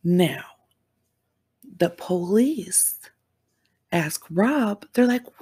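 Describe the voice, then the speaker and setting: A woman casually recapping a true-crime episode as a show reviewer, animated and exclamatory with slangy asides. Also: medium pitch, slow pace, breathy edge.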